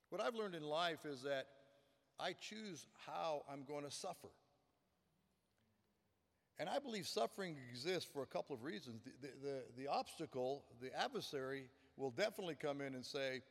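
A man's voice: on the high side, lively intonation, normal speed, vocal fry, long reverb tail. A man preaching a sermon as pastor, earnest and emphatic, often repeating words for stress.

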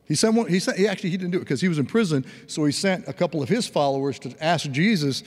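A man's voice: a little high, quick pace, hardly any pauses, long reverb tail. A man preaching a sermon in an earnest, conversational way, with folksy asides. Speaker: pastor.

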